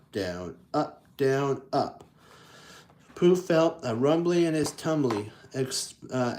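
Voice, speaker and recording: A man reading children's picture books aloud and commenting on the pictures, halting often to correct himself and playing up the sound effects with enthusiasm. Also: medium pitch, a little mellow. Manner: halting, with frequent restarts and self-corrections. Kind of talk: casual read-aloud with commentary.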